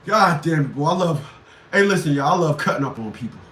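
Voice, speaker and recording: A man hosting a livestream, ranting crudely with loud laughs and shouted outbursts. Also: a little high, expressive, fast, a little hiss or hum. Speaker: livestream show host. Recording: echoey room, far from the mic.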